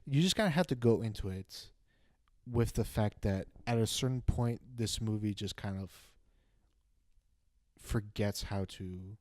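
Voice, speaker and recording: Low-voiced young man reviewing a movie. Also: unhurried, darkish tone, dry recording, clean studio sound. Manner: hesitant, restarts often, thinks aloud. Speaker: podcast co-host. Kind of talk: casual movie review chat.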